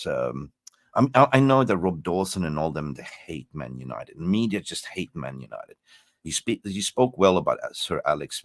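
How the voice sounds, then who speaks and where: A man guesting on a fan stream, casual and animated, swearing freely, tired after just waking up. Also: a bass voice, no echo, studio quality. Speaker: guest fan content creator.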